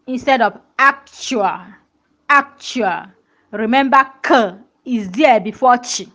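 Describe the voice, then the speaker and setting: Slow-talking woman teaching pronunciation. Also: fairly high pitch, a bit bright, highs cut off. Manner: repetitive, checks understanding with questions. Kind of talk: pronunciation lesson.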